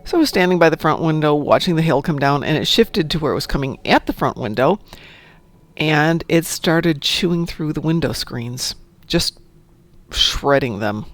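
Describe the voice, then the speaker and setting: A woman's voice: sits low, lively intonation, moderate pace. A woman streaming a game, chatting casually, telling stories and cheering at the game. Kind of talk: casual chat while gaming.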